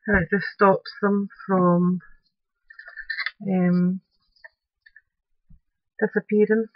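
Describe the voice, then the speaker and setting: A woman's voice: mid-range voice, flat delivery, extremely slow, a little hiss or hum. Chatty woman crafting, dull recording. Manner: chatty, mutters to her materials. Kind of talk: crafting tutorial narration.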